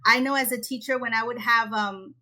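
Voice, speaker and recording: Bright, energetic woman educator. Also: on the high side, a little fast. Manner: energetic, animated teacher talk. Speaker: guest educator on a webinar. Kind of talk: webinar presentation. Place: Texas.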